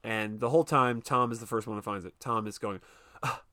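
A man's voice: fairly low pitch, fairly even intonation, brisk, sharp tone, dry recording, studio quality. A man co-hosting a podcast, casually recapping a film with lots of swearing and acted-out character lines. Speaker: podcast co-host.

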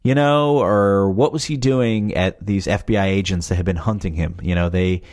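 A young adult man who makes a podcast chats casually about his show in a low, slightly mellow voice at a moderate pace. He rambles loosely and packs his talk with fillers like "you know."

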